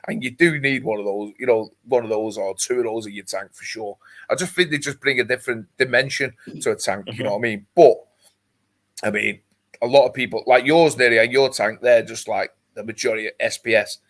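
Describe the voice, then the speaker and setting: Speaking fairly quickly in a medium-pitched, slightly bright voice, a male livestream host chats casually, reading out viewer comments and using plenty of fillers.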